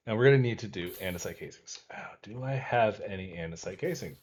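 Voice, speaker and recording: A man's voice: on the low side, slight background noise. A man casually talking through his video game session as the host, explaining each step aloud as he goes. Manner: relaxed, talks himself through tasks aloud. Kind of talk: casual let's-play commentary.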